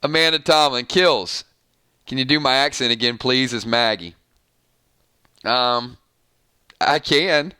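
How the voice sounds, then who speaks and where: A male channel host chatting on a live stream, reading viewer comments, excitable and laughing often, talking straight to his viewers. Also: mid-range voice, slow, long pauses, clean tone, no echo, clean studio sound.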